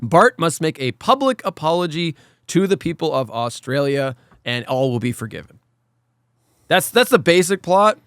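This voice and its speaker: A man on a casual podcast who rants with animation and swears freely. His voice sits somewhat high for a man, and the recording is close and dry. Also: moderate pace, clean tone, no room sound. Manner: animated, ranting, profane. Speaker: podcast host. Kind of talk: casual chat.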